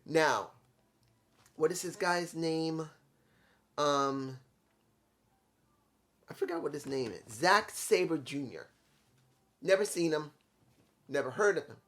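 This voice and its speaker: Man, slightly high voice, emphatic, opinionated, solo wrestling review. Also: animated, takes it slowly, pauses often, a bit bright. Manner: opinionated, repetitive, emphatic rants.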